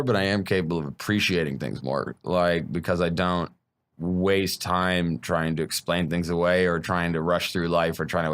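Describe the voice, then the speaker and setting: Low-voiced comedian guy on a podcast, blunt, swears a lot. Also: a bit bright. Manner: blunt, frank, swears freely. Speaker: stand-up comedian guest. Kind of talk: casual podcast conversation.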